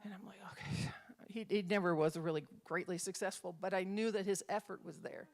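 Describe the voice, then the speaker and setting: A woman's voice: fairly low pitch, fairly quick, creaky. A middle-aged woman minister leading a Bible study, telling stories and acting out the voices in them. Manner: animated storyteller, acts out quotes.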